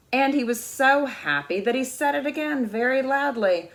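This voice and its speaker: Slow, expressive woman reading a picture book. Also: a little high. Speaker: guest reader of a children's book.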